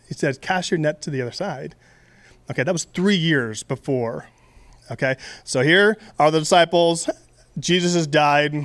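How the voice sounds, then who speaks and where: A man's voice: fairly high pitch, fairly bright tone, dry recording. A man giving a casual, conversational sermon in a playful way, full of asides and fillers. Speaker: preacher.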